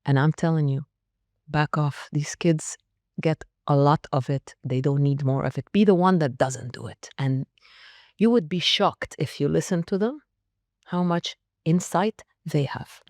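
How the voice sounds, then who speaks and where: A woman's voice: deep voice, unhurried, a little mellow, no room sound, studio quality. A woman around sixty, a school leader answering interview questions in an emphatic, direct way with short punchy phrases. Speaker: school academic leader, guest.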